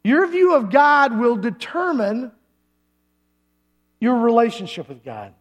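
A man's voice: very high voice, big pitch swings, takes it slowly. A male pastor preaching a sermon in a church service, talking conversationally and acting out the voices of the people he quotes.

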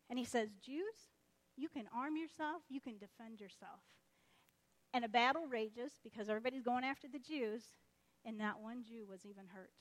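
A woman delivers a sermon as lively, conversational storytelling, jumping into character voices along the way. Her voice sits high, and her delivery is chatty and animated. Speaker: preacher.

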